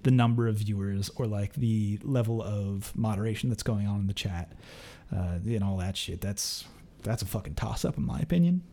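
A man's voice: lowish voice, normal speed, warm tone. A man hosting a podcast in a laid-back way, swearing casually and laughing easily. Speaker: podcast host and commentator.

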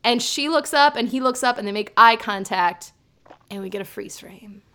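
A woman co-hosting a casual chat, retelling scenes with lively, joking commentary. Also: on the high side, moderate pace. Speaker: podcast co-host. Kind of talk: casual chat recapping a drama.

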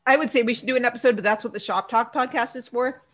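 Her voice runs on the high side and she speaks fast, co-hosting a podcast where she casually recaps a TV episode. Lively and animated, she acts out characters' lines amid laughter and free swearing.

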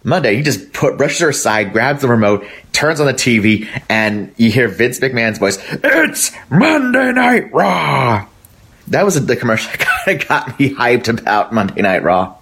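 A man's voice: fairly low pitch, normal speed, few pauses, a bit bright, husky. A man sending a recorded voice message to a podcast, rambling through a memory and laughing at it. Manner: rambling storytelling, laughs at his own tale.

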